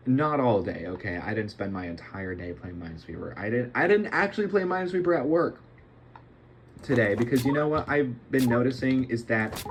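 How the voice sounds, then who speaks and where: A man's voice: medium pitch, a little hiss or hum. A young man rambling and joking while he plays a puzzle game late at night, often poking fun at himself. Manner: joking, self-deprecating, rambling. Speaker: gameplay streamer.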